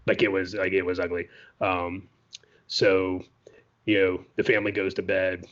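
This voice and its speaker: A man's voice: sits low, level tone, normal speed, highs cut off. A man co-hosting a podcast, telling a story in a loose, chatty way, full of "you know" and "right?" asides. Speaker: podcast co-host. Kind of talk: casual storytelling.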